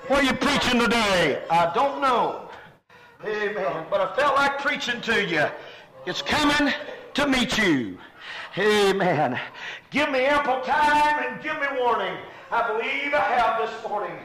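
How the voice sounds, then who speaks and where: Preacher guy, real high voice, fervent, shouts and amens all through. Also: animated, a little slow, poor audio. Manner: fervent, rising to shouts on key lines; repetitive cadence of amens. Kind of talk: sermon.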